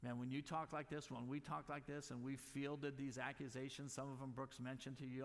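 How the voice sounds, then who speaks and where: A man's voice: medium pitch, flat delivery, fairly quick, hardly any pauses. A middle-aged man and missionary giving an emphatic conference teaching talk, stacking lists of repeated words and apologizing for hurrying. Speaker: missionary speaker. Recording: long reverb of a large hall.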